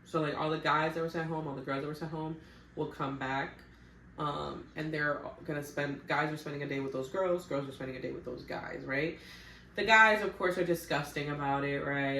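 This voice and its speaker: Recapping a reality show, this vlogger speaks at a moderate pace in a low-sitting voice that sounds pushed and bright. Her commentary is slangy and casual, dotted with blunt remarks; the mic is far off, the room echoes, and a faint hum lingers beneath.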